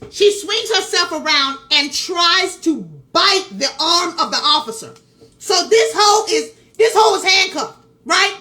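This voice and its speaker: A woman's voice: very high voice, sing-song, measured pace, bright, forceful tone. A woman vlogger telling a story in casual commentary, emphatic, repeating phrases and talking straight to her viewers. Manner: talks straight to viewers with asides.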